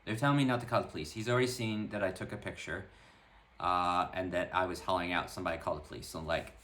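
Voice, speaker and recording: Speaking fast in a low voice, a male vlogger tells his viewers a personal story in a casual, animated, conversational way. He says "like" a lot and frequently starts his sentences over.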